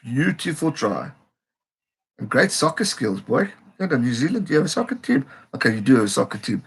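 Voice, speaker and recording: Gravelly excitable man hosting a live stream. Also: mid-range voice, quick pace. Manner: excitable, reads viewer comments aloud. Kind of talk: live match reaction stream.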